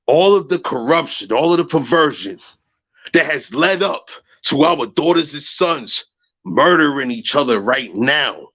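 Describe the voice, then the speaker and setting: A man rants on a livestream, slightly high-pitched and profane, hammering phrases again and again. He drops to low mutters, then breaks into high shouts, and the audio comes through dull and muffled. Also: animated, a little slow. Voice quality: profane, agitated, repeats phrases. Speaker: livestream host. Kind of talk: heated livestream rant.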